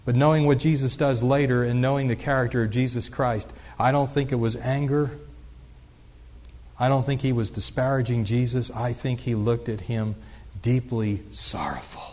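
A man's voice: medium pitch, fairly even intonation, moderate pace, darkish tone. A man preaching a sermon as pastor, earnest and conversational, with frequent asides to the congregation. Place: church sanctuary. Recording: echoey hall, dull lo-fi sound.

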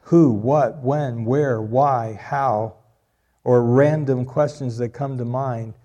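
A man's voice: medium pitch, fairly even intonation, slow pace, warm tone, lo-fi sound. A middle-aged man preaching a sermon, repeating key lines for emphasis and joking with the congregation. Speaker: pastor.

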